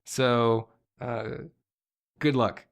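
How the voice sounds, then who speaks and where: A man playing a tabletop game, stammering and halting as he talks. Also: mid-range voice, level tone, creaky. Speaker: player.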